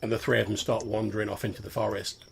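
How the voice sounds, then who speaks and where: A man runs a tabletop game as game master, narrating casually and swearing freely. His voice is gravelly, set against a faint hum of ambient noise. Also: on the low side, little pitch movement, fast.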